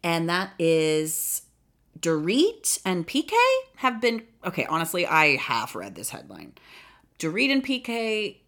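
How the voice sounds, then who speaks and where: A woman's voice: on the low side, very animated, a little slow, a bit bright. A young woman from Canada hosting a casual solo podcast, rambling and chatty with frequent swearing, sounding tired. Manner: rambling, chatty, profane, self-deprecating. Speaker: podcast host.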